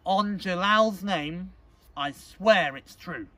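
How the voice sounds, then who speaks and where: A man's voice: high voice, lively intonation, normal speed, fairly bright tone, husky, far from the mic, pitched above the performer's own voice, exaggerated voice. A man reading a storybook aloud, voicing an anxious, insistent young male cat. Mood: pleading. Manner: urgent, pleading.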